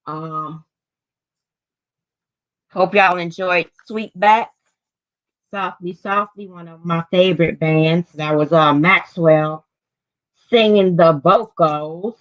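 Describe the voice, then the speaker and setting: A woman's voice: fairly low pitch, takes it slowly, long pauses, no room sound. A woman in her forties hosting her own livestream, talking bluntly and profanely in a drawling, casual way. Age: 40s. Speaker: livestream host. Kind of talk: casual live-stream chat. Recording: dry, slightly dull lo-fi stream audio.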